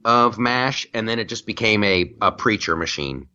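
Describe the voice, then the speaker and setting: Male talk radio host, wry, animated storyteller, bright forceful tone, somewhat muffled audio. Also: on the low side, moderate pace, smooth. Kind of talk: casual political talk chat. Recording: slightly dull radio audio.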